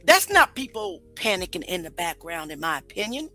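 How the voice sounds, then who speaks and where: A woman's voice: fairly high pitch, lively intonation, a little fast, hardly any pauses, fairly bright tone, dry recording, soft background music, poor audio. A woman hosting a live stream, questioning the audience and reading comments aloud. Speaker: host.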